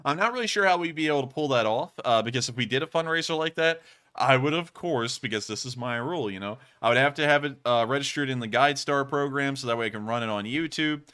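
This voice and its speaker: A man hosts a casual livestream, reading and answering viewer donations. His voice is bright and forward, and he talks in an excitable, rambling way, full of fillers and restarts. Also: mid-range voice, fast talker, clean tone.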